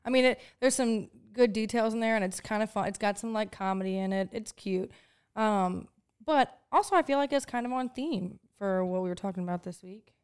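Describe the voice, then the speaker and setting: A woman's voice: mid-range voice, brisk, clean tone. A young woman co-hosting a podcast in casual chat, blunt and joking, swearing freely. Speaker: podcast co-host.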